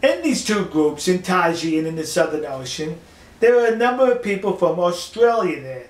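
Scornful older man with a high voice. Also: big pitch swings, echoey room. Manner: scornful, mocking, slow emphatic delivery. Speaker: commentary video host. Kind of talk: opinion monologue.

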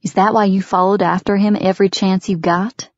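A woman's voice: medium pitch, little pitch movement, a little fast, no room sound, lightly acted. A woman reading as a fanatical, contemptuous middle-aged father, a villain in an audiobook who sneers and threatens. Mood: menacing. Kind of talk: audiobook character voice. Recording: dry, dull lo-fi recording.

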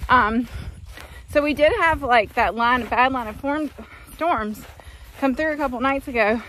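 A woman's voice: high-pitched, measured pace, pushed and bright, slight background noise. A middle-aged woman vlogging casually from her farm, chatty and folksy as she rambles along. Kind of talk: casual vlog chat. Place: outdoors on a farm.

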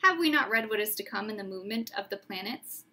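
A woman voicing a proud, scornful male centaur who shouts in anger. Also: mid-range voice, expressive, fast talker. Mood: furious. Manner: shouting angrily.

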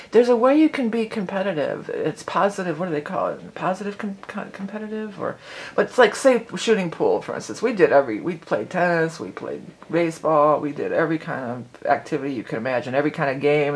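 A woman's voice: sits low, a little mellow. A middle-aged woman hosting an astrology channel, chatting casually and rambling with lots of "you know". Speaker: psychic astrology channel host.

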